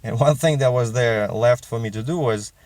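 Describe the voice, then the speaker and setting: A man's voice: mid-range voice, normal speed, darkish tone, dry recording. A middle-aged man with a Russian accent, chatting in a casual vlog as a truck driver and rambling with many fillers and restarts.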